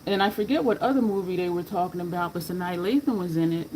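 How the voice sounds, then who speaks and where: A woman's voice: fairly low pitch, quick pace, a little mellow, a little hiss or hum, poor audio. A woman chatting casually while she does her makeup, rambling from story to story, laughing and cursing freely. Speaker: makeup vlogger.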